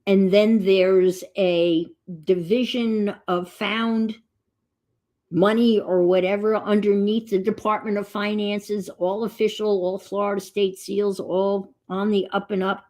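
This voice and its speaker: A woman's voice: medium pitch, flat delivery, slow pace, a little mellow. A middle-aged woman chatting casually as she crafts on a stream, telling rambling stories. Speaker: crafting vlogger.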